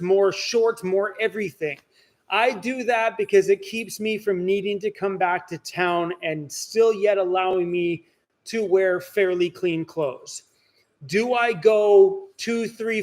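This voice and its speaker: A man hosting a casual live-stream Q&A from inside his van, chatty and joking about himself. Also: high-pitched.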